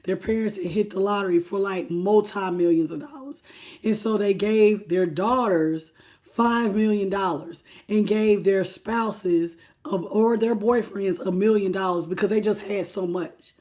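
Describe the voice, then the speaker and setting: A tarot reader gives a live reading, speaking directly to her viewers in a medium-pitched, slightly slow voice with a darkish tone. She greets people in the chat by name and repeats phrases for emphasis.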